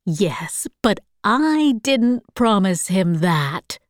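A woman's voice: medium pitch, sing-song, very slow, dry recording, studio quality. A woman reading as a fussy meddling aunt. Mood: reproachful.

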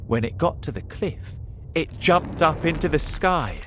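A man reading a children's story aloud as narrator, very expressive and dramatic. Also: a little high, a little slow, noisy background.

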